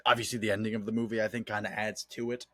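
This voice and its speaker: A man's voice: on the low side, little pitch movement, very fast, sharp tone, no room sound. A young man co-hosting a podcast, chatting loosely about movies with lots of "like" fillers and swearing. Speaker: podcast co-host. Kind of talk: casual movie chat.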